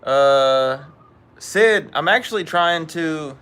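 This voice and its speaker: Male stream host, very bright, forceful tone, easygoing outdoor chat. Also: a little high, expressive, slow, smooth. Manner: chatty, greets viewers by name. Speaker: fishing livestream host. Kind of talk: casual live-stream chat. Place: outdoors at home.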